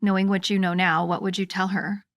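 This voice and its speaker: A woman hosting a podcast, asking gentle questions and reacting to her guest with feeling. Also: mid-range voice, level tone, brisk, no echo. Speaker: podcast host. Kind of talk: interview questions.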